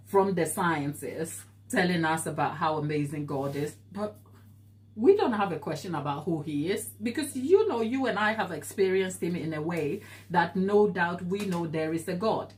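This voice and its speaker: A woman hosting a live baking stream, talking earnestly and encouragingly as she answers viewer comments, laughing easily. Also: medium pitch. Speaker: baking show host.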